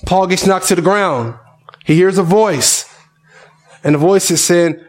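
A man's voice: high voice, lively intonation, unhurried. A male pastor preaching a conversational sermon, often asking his listeners questions.

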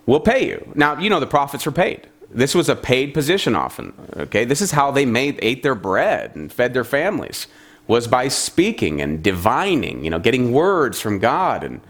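A man's voice: medium pitch, very animated, normal speed, a bit bright. A man preaching a sermon in a conversational, humorous storytelling way.

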